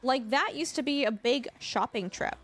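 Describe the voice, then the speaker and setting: Lady streamer rambling away mid-game, kinda high voice, says like a lot. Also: normal speed, fairly bright tone, a little hiss or hum. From Canada. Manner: chatty, rambling, lots of filler "like"; gushing, effusive toward viewers. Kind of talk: live gameplay commentary.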